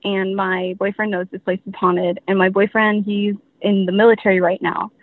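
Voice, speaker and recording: A woman's voice: medium pitch, level tone, moderate pace, no echo. A young woman telling her story as a guest, rambling with many fillers. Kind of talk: casual storytelling. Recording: tinny dry phone line.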